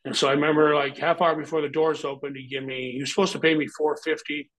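A middle-aged man with a slightly higher-than-usual voice tells a story as an interview guest. His talk is blunt and heavily profane. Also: flat delivery, quick pace, fairly bright tone, rough recording. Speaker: interview guest, former pro wrestler.

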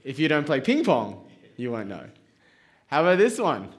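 Chatty male preacher with a higher voice. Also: wildly swooping pitch, normal speed. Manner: conversational, playful, asks the congregation questions. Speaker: pastor. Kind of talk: sermon.

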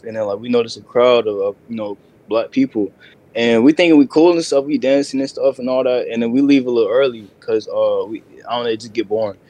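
A man's voice: medium pitch, warm tone. A young man co-hosting a casual podcast, telling a story in a hesitant way. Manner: hesitant, lots of fillers and restarts. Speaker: podcast co-host.

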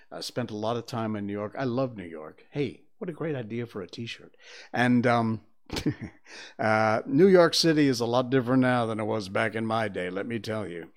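An older man from Connecticut hosting a talk show from a studio, drifting from topic to topic in a casual, opinionated monologue full of fillers. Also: medium pitch. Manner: conversational, digressive, with many fillers.

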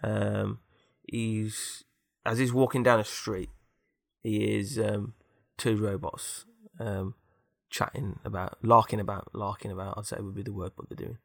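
A man's voice: on the low side, little pitch movement, unhurried, gravelly, dry recording, studio quality. A man casually improvising a story, rambling with fillers and tag questions.

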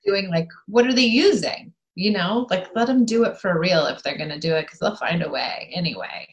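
Candid, animated woman chatting about parenting. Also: on the low side, normal speed, lo-fi sound. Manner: candid, animated storytelling with laughs. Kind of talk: casual chat.

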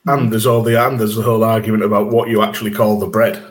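Low-voiced Yorkshire man hosting. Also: level tone, fast. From England. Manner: chatty, swears, laughs between points. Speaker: podcast co-host. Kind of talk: casual podcast chat.

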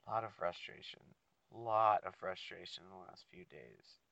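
Man, lowish voice, slow drawn-out rant, rambling, heavy swearing, dry dull recording. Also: creaky, fairly bright tone, dry recording. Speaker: seasonal mall Santa photo worker. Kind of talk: casual profane rant to listeners.

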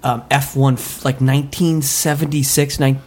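A man from Utah telling a story on a comedy podcast, animated, laughing and swearing freely. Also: mid-range voice, moderate pace. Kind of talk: casual storytelling.

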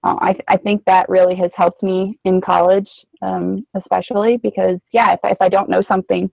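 A woman's voice: medium pitch, flat delivery, creaky, no echo. Young woman, chatty interview guest, phone-line sound, dry close recording. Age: young adult. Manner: chatty, quick asides with laughs. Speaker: guest, former homeschooler. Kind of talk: casual interview chat.

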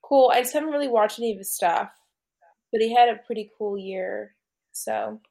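A woman's voice: mid-range voice, expressive, normal speed, creaky, dark tone. A woman in a casual chat, talking loosely with lots of "like" and frequent giggles. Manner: chatty, hedging with "like", giggly. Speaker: co-host.

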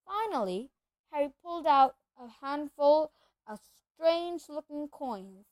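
A woman with a high voice reads a children's fantasy novel aloud, telling it expressively and giving the characters lively voices. The recording is dry and close, with no room sound at all. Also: unhurried, dry recording. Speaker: audiobook reader.

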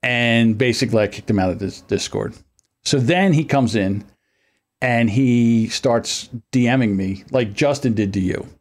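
A man with a medium-pitched voice, speaking a little slowly, hosts a casual podcast chat over an online call. He tells stories in an animated way and acts out what other people said.

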